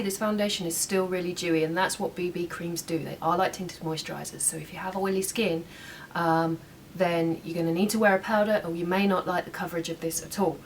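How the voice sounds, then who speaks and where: A young woman chatting casually through a makeup tutorial at home, making small asides as she works. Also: lowish voice. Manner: chatty, talks while working, some asides. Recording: slightly distant mic, faint room noise.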